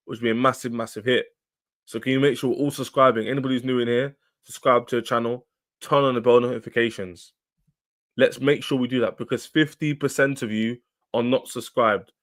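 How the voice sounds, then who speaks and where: A man's voice: mid-range voice, fairly bright tone. A man hosting a football livestream, talking casually and animatedly to his chat in slang. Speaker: football channel livestream host.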